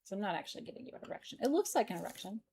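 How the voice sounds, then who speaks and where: Showing stones on a live-stream sale, a middle-aged woman jokes and laughs her way through the pitch in a playful, giggly mood. She talks at a racing pace in a warm, medium-pitched voice with big swings in pitch, against slight background noise.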